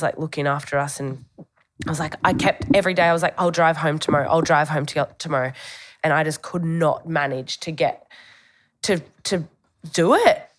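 A young Australian woman telling stories as a podcast co-host, chatty, with lots of "like" and casual swearing. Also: fairly low pitch. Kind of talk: casual chat.

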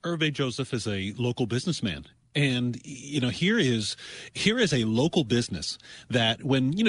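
A man's voice: mid-range voice, breathy edge. A man representing a charity on a radio show, making an urgent, emphatic fundraising appeal and thanking callers.

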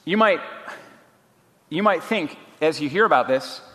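A man preaching an earnest, measured sermon as pastor and reading a book passage aloud. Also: a little high, animated, sharp tone. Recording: long hall reverb.

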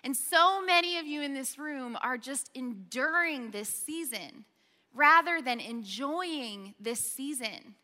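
Bright, chatty young woman preaching in a hall. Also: high voice, expressive, slow pace. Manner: chatty storytelling, frequent "okay?" and "like". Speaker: speaker at a college ministry gathering. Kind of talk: sermon. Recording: reverberant hall.

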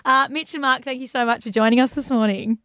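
A young adult woman co-hosting a radio show, playful with quick quips. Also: high-pitched, fairly even intonation, pushed and bright, dry recording, studio quality. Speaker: radio co-host. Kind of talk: casual radio banter.

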